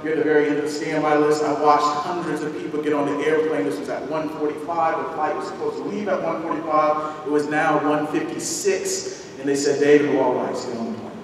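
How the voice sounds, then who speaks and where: A man giving a talk as a guest speaker, telling a personal story in a lively way and acting out the voices of the people in it. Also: a little high, brisk. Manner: animated, acts out voices in his story. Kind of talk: storytelling lecture. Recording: echoey hall recording from far off, noisy.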